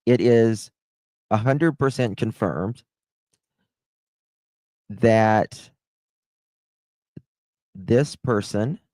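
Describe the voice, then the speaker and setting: Male live streamer, low-pitched, gossipy and amused, recorded dry and close. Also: drawn-out words, pauses often, darkish tone, dry recording, low-quality recording. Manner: laughing, gossipy, swears. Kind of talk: casual live stream commentary.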